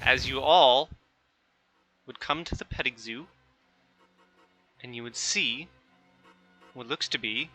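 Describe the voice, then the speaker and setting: A man's voice: medium pitch, takes it slowly, long pauses, pushed and bright. A man narrating and running a tabletop fantasy game in a casual way. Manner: casual, with fillers. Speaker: game master.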